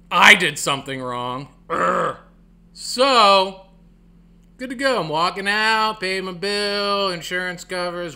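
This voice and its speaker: Animated bright-voiced man telling a story. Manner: animated, acts out other people's lines with big pitch jumps. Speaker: stand-up comedian telling a personal story. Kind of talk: comedic storytelling monologue. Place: home, by the front door. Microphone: camera at home.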